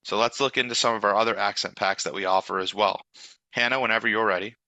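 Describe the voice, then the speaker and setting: A man's voice: on the low side, fairly even intonation, fast talker, pushed and bright, no room sound, rough recording. A man hosting a scripted product demo, speaking as a polished and upbeat presenter. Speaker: demo host.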